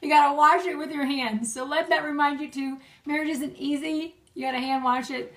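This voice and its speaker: A young woman talks chattily and laughs easily as she gives friends marriage advice. Her voice sits fairly high and sounds a little distant from the mic, as if recorded at home. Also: steady tone, a little fast. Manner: warm, chatty, laughs often. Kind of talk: casual video message.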